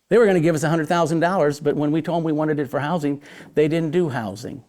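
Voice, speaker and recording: A pastor talks in a live on-stage interview, emphatic and full of energy. His voice sits a little high for a man, and he stumbles over repeated words as he pushes his points. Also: fast, a little mellow. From Chicago area. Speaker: pastor and guest speaker.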